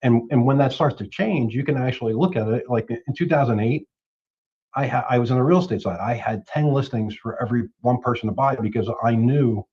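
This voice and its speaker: Husky man telling a story over a call. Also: medium pitch, a little fast, muffled recording. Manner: anecdotal, animated when quoting others. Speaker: show participant. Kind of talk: casual storytelling on a web show.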